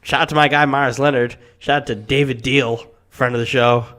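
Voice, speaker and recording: A man on a casual sports podcast, spinning a long story and jumping into higher voices for the people he quotes. He swears freely and keeps an easy, mid-pitched tone. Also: fairly even intonation, moderate pace, sharp tone. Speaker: podcast co-host.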